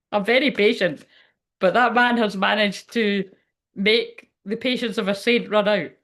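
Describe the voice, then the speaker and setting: A woman's voice: medium pitch, very animated, takes it slowly, pauses often, fairly bright tone. A Scottish woman giving a casual live tarot reading, blunt, sweary and chatty, with lots of fillers. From Scotland. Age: adult, ten years online. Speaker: spiritual reader on a livestream.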